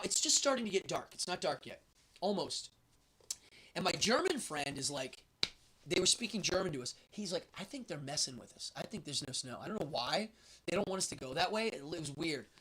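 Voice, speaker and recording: Animated man telling a story. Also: sits high, slightly rough. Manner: animated, rambling with many fillers. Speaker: host telling a travel story. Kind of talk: casual storytelling.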